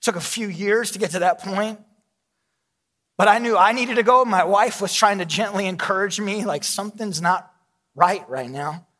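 A man's voice: sits high, normal speed, a bit bright, big-room sound. A man in his thirties, a pastor, preaching a sermon with candid, self-deprecating storytelling.

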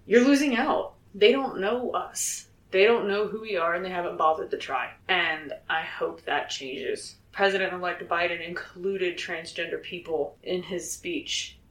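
A man's voice: high-pitched, measured pace, few pauses, a bit bright. A young man, a soldier, talking candidly and earnestly about his life, swearing freely and laughing between thoughts. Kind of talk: candid personal vlog. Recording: roomy echo.

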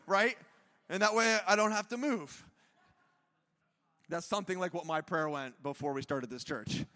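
A man's voice: high-pitched, animated, normal speed, a bit bright, big-room sound. A man preaching a conversational sermon to his church, chatty and self-deprecating, with lots of jokes and asides. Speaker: pastor. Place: church auditorium.

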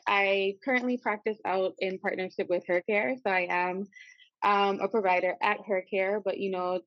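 A woman from the Virgin Islands, a midwife, chatting as a podcast guest in an excited, animated way. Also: mid-range voice, no echo, dull audio. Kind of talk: casual podcast chat.

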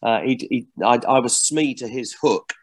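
A man from Barnsley, chatting as an actor guest in a relaxed, self-deprecating way. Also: medium pitch, moderate pace, slightly rough, dry recording. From Barnsley, England. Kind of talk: casual interview chat.

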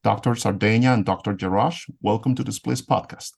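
Formal lower-voiced male podcast host. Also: creaky, darkish tone, breathy edge. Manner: measured, reads introductions formally. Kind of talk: formal introduction and interview questions.

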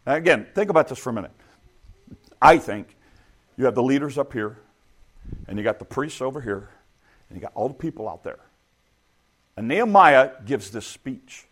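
A man's voice: mid-range voice, expressive, moderate pace, long pauses, fairly bright tone. A middle-aged man preaching a sermon in a conversational way, asking his listeners rhetorical questions. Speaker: pastor.

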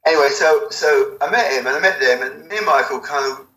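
A middle-aged man telling a rambling, animated story in an interview, swearing freely. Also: on the high side, a little fast. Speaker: album cover designer, guest. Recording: echoey room.

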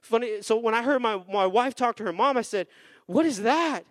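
High-voiced energetic male pastor preaching. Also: no echo. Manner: energetic call-and-response preaching, slows for emphasis. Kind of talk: sermon. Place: church sanctuary.

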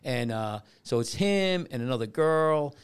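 A man hosting a podcast, telling stories in a rambling, halting way with many restarts and a New Jersey accent. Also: mid-range voice, expressive, clear, resonant tone. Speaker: podcast host. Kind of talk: casual storytelling chat.

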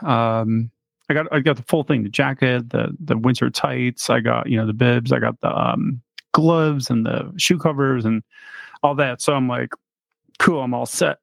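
A man's voice: mid-range voice, moderate pace, gravelly, no room sound. A man from Chicago co-hosting a podcast, chatting casually and rambling with lots of fillers and laughs. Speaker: podcast co-host. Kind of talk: casual chat.

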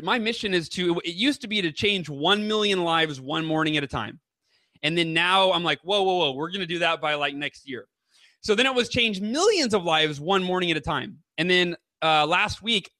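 High bright-voiced enthusiastic man. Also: no room sound. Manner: enthusiastic, rambling storyteller. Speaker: author and guest. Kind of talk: casual interview chat.

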